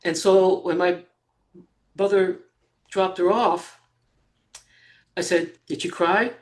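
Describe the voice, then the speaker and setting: A man in his sixties, a guest in an interview, telling a personal story in a halting way, with fillers and soft laughs between phrases. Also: sits high, steady tone. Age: 60s.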